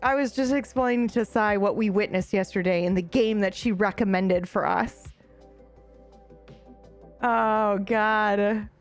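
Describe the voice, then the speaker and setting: Woman, live streamer, casual chat, giggly, bubbly, mid pitch, faint music underneath. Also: fairly even intonation, takes it slowly.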